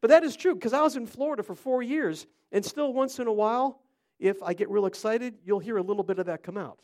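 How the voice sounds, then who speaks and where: A man's voice: high-pitched, a little fast, a little mellow. A middle-aged man from Ohio preaching an interactive sermon, chatting with his listeners and quizzing them by name. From Cleveland, Ohio.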